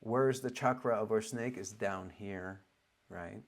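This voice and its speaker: A man speaks with an Oregonian accent, English being a language he learned later. His voice sits a bit low and he talks unhurriedly. He pauses and restarts as he searches for words in a loose teaching talk. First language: not English. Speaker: spiritual teacher. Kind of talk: loose spoken lesson.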